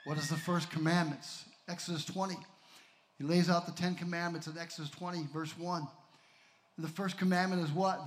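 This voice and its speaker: A man preaching a sermon, swinging from shouts to near whispers and calling out to the congregation. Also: sits high, fairly even intonation, normal speed.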